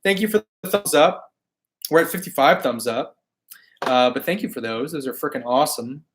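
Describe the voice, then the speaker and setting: Hoarse man chatting on a live stream. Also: a little high, lively intonation, moderate pace, a bit bright, a little hiss or hum. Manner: laid-back, chatty, slangy, often laughing. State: hoarse, losing his voice. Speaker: toy collecting live stream host. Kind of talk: casual live stream chat reading viewer comments.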